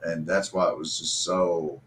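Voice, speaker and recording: Middle-aged man, low voice, casual profane storytelling, bitter and emotional. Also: steady tone, a little slow, fairly bright tone, slight background noise. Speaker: host. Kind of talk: casual storytelling on a live stream.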